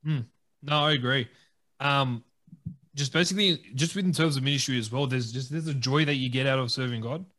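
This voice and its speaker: Fast-talking upbeat man. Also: medium pitch, fairly bright tone. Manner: quick, laughing, upbeat. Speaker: podcast co-host. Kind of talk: casual chat.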